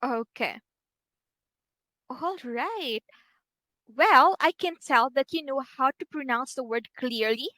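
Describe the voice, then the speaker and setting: A woman's voice: high voice, takes it slowly, pauses often, pushed and bright, no room sound. Patient woman teaching English online. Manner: patient, encouraging, talks while typing corrections. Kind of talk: one-on-one online English lesson.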